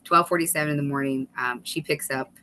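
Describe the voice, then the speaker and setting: A woman guest on a video call webinar, telling an animated story with quick asides and laughter. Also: very deep voice, slight background noise, low-quality recording. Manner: animated, fast-paced storytelling with laughs and restarts. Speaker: guest, author and former state legislator.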